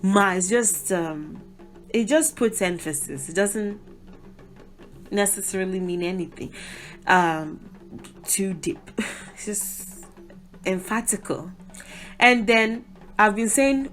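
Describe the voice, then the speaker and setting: A woman's voice: mid-range voice, expressive, slow, pauses often, a bit bright, soft background music. Chatty woman teaching. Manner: chatty, explains with asides and small laughs. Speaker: Yoruba language teacher. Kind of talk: explaining a language lesson.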